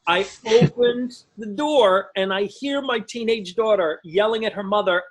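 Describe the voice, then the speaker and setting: Stand-up comic, male, forties, high voice, conversational storytelling with self-mocking punchlines, performing over a video call from home. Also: a little slow, hardly any pauses, a bit bright, a little hiss or hum, rough recording. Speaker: stand-up comedian.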